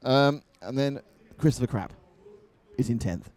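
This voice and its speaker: A man's voice: mid-range voice, unhurried, darkish tone. A man commentating live on a model car race, mixing race calls with jokey banter.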